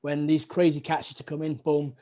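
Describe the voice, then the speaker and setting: A man hosting a podcast, chatting casually with an old friend and dropping in quick remarks. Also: on the high side, monotone, warm tone. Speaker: podcast host. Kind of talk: casual conversation.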